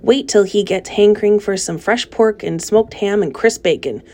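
A woman voicing a greedy, overfed male rat with a husky, sneering voice, reading a storybook aloud. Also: medium pitch, moderate pace, warm tone, natural voice.

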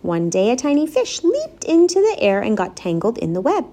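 A woman voicing a wise, kindly female barn spider in a storybook reading, speaking in a gentle but firm, patient way. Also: fairly high pitch, huge pitch swings, moderate pace.

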